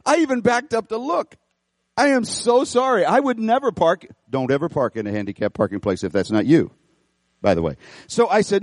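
Animated man preaching a folksy sermon. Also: sits high, brisk, no echo, clean studio sound. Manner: animated, folksy, repeats phrases. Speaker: pastor. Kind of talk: sermon with storytelling. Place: church auditorium.

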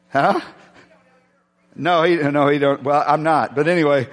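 Chatty pastor telling a story from the pulpit. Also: male voice, on the high side. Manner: chatty, self-deprecating, halting restarts. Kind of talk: sermon storytelling. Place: church sanctuary. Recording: long hall reverb.

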